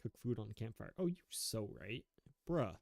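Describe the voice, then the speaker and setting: A man's voice: on the low side, sing-song, moderate pace, darkish tone, dry recording. A young man giving rambling, self-mocking commentary while playing a video game, chuckling often. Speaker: gaming YouTuber. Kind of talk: casual gameplay commentary.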